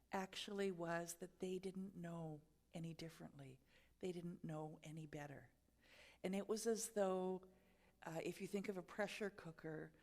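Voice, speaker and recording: Speaking with a lowish voice, this woman gives a sermon at a spiritual centre. She recounts a personal story in a gentle, reflective, guiding manner, now and then chuckling at herself.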